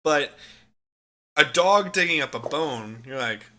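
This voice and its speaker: A man co-hosting a podcast, chatting casually about a movie, animated and laughing often, with plenty of swearing. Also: fairly high pitch, slow. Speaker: podcast co-host. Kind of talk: casual movie review chat.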